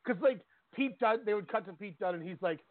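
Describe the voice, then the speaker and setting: A man co-hosts a sports radio show, chatting casually about wrestling with strong opinions and an easy laugh. His voice is high-pitched and a little fast, and the dry recording has a tinny phone-line sound.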